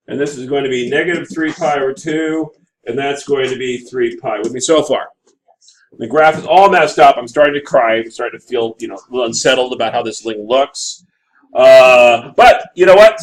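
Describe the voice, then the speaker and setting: There's a little hiss or hum on this low-quality recording of a man with a fairly high pitch. He's an animated math teacher in a classroom lecture, working graphs out loud and asking the class for checks as he goes.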